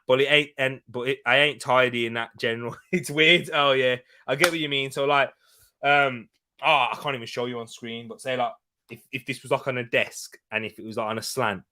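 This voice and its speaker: A young man hosting a casual live football watch-along, chatting and rambling between quick bursts of excitement over the match. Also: mid-range voice. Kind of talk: casual live-stream chat and match commentary.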